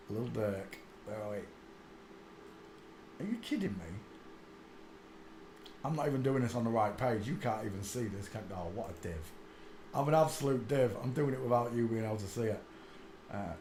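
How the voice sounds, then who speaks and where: Man, channel host, casual muttering commentary, sudden loud laughs, mid pitch, echoey room, faint background hum. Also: lively intonation, unhurried, pauses often. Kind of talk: casual commentary while searching images on screen.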